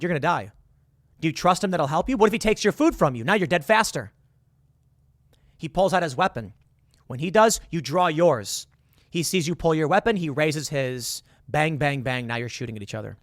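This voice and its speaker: A political commentary host with a fairly high-pitched voice delivers a casual monologue, guiding the listener through hypothetical scenarios and building to emphatic bursts. The recording is studio quality with no echo.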